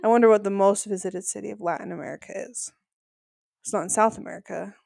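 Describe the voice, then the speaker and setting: A woman's voice: medium pitch, fast talker, vocal fry, no room sound, studio quality. A woman co-hosting a podcast, chatting casually and recapping episodes. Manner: chatty, acts out quotes in animated voices. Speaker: podcast co-host.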